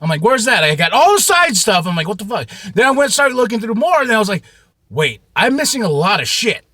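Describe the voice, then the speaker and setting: A man telling a rambling story to camera in a casual, profane way, with sudden shouts and many repeats. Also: high voice, very animated, fairly quick, no room sound. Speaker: vlogger.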